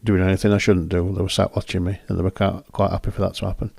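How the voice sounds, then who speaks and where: A photographer hosting a casual session talks through his photos, rambling, chatty and correcting himself. His low voice is gravelly, husky and a little mellow, very fast with little pitch movement, recorded in clean studio sound with no echo.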